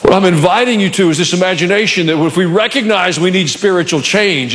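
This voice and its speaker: A male pastor preaching a sermon in a church, animated and conversational with touches of humor. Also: high-pitched, long reverb tail.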